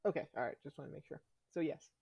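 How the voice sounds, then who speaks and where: Man, tabletop player, husky, animated and laughing, dry close mic. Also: on the high side, fast talker, no echo, lo-fi sound. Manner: excitable, laughs often, animated. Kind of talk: playing a tabletop game over voice chat.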